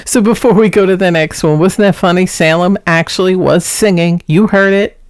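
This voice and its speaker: A woman's voice: on the low side, steady tone, normal speed. A middle-aged woman hosting her own paranormal vlog, chatting casually as she introduces recordings.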